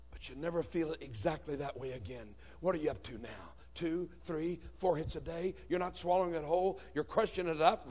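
A man with a notably high voice delivers an emotional sermon to a congregation. He swings from hushed confession to shouting. It is a personal testimony with raw feeling. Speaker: preacher. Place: before a congregation.

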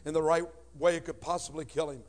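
A man preaching a sermon with personal testimony, swinging from shouting to hushed tones in front of a congregation. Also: fairly high pitch, steady tone, fast talker. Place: before a congregation.

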